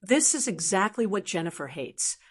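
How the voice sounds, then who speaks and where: A woman with a mid-pitched voice reads a scripted first-person story. Her narration is steady and measured throughout. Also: husky.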